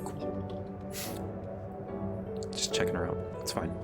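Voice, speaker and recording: A man casually commenting while he plays a video game, reading lines aloud and cooing at a pet. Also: takes it slowly. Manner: playful, reads game dialogue aloud, coos at pets. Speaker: streamer. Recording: game music playing behind.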